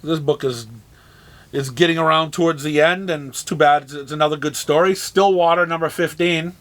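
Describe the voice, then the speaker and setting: Man, high pitch, casual weekly comic rundown, dry sarcastic asides, halting restarts. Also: fairly even intonation, a bit bright. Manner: dry, sarcastic asides between listed titles. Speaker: comic shop presenter of weekly new releases. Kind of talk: casual rundown of new releases.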